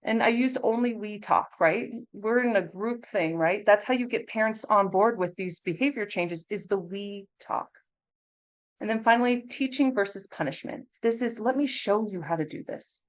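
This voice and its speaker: A woman in her thirties, an early childhood mental health consultant, giving an animated, conversational training talk to educators. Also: medium pitch, moderate pace, poor audio. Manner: animated, conversational, acts out classroom phrasings in a bright teacher voice.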